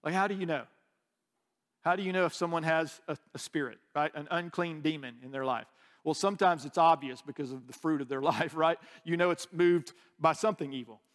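A man delivers a sermon in a relaxed, conversational manner, often restarting sentences and adding asides. His voice sits notably high for a man. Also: fairly quick. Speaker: pastor.

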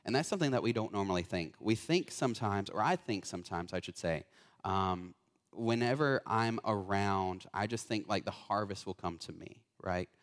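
A man's voice: fairly low pitch, moderate pace, long reverb tail. A young man preaching as a guest speaker in a church, chatty and informal, with many fillers and restarts. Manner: casual, talkative, lots of fillers and self-corrections. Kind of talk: sermon. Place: church hall.

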